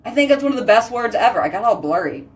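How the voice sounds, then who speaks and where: A woman's voice: fairly high pitch, expressive, quick pace, recorded from a distance. A woman hosting a casual live video chat, telling giggly stories and answering viewer comments. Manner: chatty, giggly storytelling. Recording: voice slightly off-mic.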